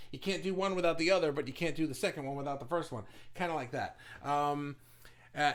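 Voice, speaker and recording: Male livestream host, casual and rambling, fast talker, mid-pitched voice, loose and profane. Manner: rambling, chatty, with many restarts and swearing; talks fast.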